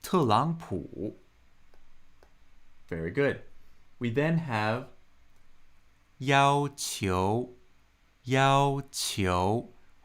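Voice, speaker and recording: A friendly man teaching Mandarin in a live online lesson, speaking at an unhurried, deliberate pace. He stretches out model words slowly so listeners can repeat them, swooping his pitch up and down to show each tone. Between examples he chats easily with his viewers. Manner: slow, drawn-out model pronunciations with swooping pitch; friendly, chatty asides to viewers.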